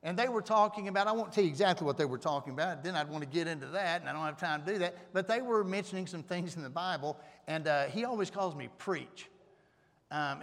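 Male preacher, fairly high voice, casual sermon to the congregation, stage mic in an echoing hall. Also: fast, a bit bright. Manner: conversational, asks the audience questions. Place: church hall. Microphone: stage microphone. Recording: long reverb of a hall.

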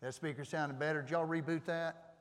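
A man's voice: fairly high pitch, fairly even intonation, brisk. A man preaching a sermon on a stage microphone, talking conversationally and asking the audience questions. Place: church hall. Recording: long reverb of a hall.

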